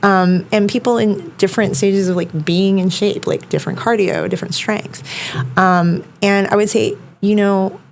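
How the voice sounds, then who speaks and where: On a podcast, a woman who teaches self-defense chats casually, sprinkling in lots of "like" and "you know." Her voice is medium-pitched and steady at a normal speed, with slight background noise.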